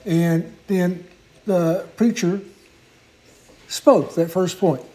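A male preacher tells a story from the pulpit in a fairly high voice with a soft, mellow tone. He speaks earnestly and without hurry, and now and then stops to correct himself. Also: steady tone, rough recording. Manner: earnest, unhurried storytelling with small restarts. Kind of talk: sermon storytelling.

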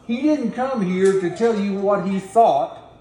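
A man's voice: high-pitched, measured pace, mellow, roomy sound, a little hiss or hum, low-quality recording. A man preaching a sermon, reading scripture aloud and pressing its points on his listeners in an earnest, emphatic way. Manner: earnest, emphatic, addresses the congregation directly.

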